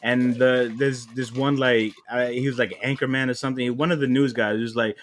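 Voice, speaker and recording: A man's voice: mid-range voice, fairly even intonation, brisk, hardly any pauses, no room sound. Rambling man telling a story, dry sound. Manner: rambling, many fillers and quoted retellings. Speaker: podcast co-host. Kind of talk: casual storytelling.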